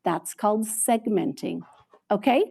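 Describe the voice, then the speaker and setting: A woman modeling a phonics lesson for children over a video call, drawing out word sounds slowly and praising often. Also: mid-range voice, vocal fry, dark tone. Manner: slow, drawn-out sounding out of words with frequent praise. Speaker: reading teacher.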